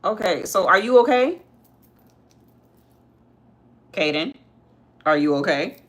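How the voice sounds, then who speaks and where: A woman's voice: lowish voice, animated, moderate pace. A young woman hosting a casual livestream, chatting with viewers as she works and talking with her child. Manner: chatty, talks to viewers while doing makeup. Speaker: livestream host, mother.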